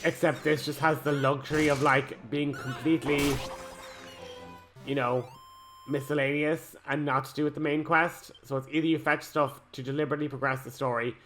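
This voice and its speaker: A man, rambling excitably while he comments on a role-playing game. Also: fairly high pitch, normal speed, faint music behind. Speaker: let's play host. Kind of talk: gameplay commentary.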